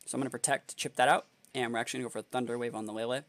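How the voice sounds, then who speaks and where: A young man, a competitive game player and video creator, thinks aloud through a match in a rapid-fire, steady, medium-pitched, fairly bright voice. He analyzes his opponent's moves, muttering strategy to himself, then bursts into exasperated outbursts. There's no echo, just faint music behind.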